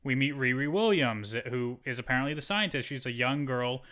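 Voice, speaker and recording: A man's voice: medium pitch, fairly quick. A man co-hosting a podcast, casually retelling a movie's plot with plenty of swearing. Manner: profane, animated retelling of the plot. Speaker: podcast co-host. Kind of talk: casual movie review chat.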